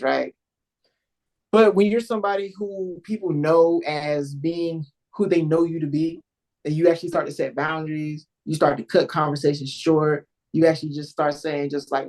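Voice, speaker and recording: A podcast host with a mid-range voice speaks in a direct, informal way. The grammar is loose and casual, and many points end with a quick "right?". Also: medium pitch, steady tone, a little mellow, poor audio. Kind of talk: casual conversational podcast talk.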